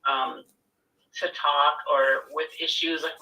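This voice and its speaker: A woman's voice: low voice, animated, slow pace, pushed and bright, recorded from a distance, low-quality recording. A woman who gives spiritual readings, chatting casually and sprinkling her speech with "like". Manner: filler-heavy, lots of "like". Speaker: spiritual reader. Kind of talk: casual chat.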